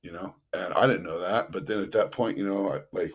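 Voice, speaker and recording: A man's voice: low voice, a little fast, gravelly, slightly rough. Rambling man telling a story. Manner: loose and rambling, peppered with fillers; acts out other people's voices in his stories. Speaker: podcast guest. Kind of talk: casual storytelling.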